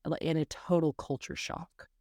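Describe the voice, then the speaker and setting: A woman's voice: sits low, fairly even intonation, normal speed, mellow, dry recording, clean studio sound. A woman from North Carolina co-hosting a podcast, asking casual interview questions in a chatty way with lots of fillers. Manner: chatty, many fillers and asides. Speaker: podcast co-host.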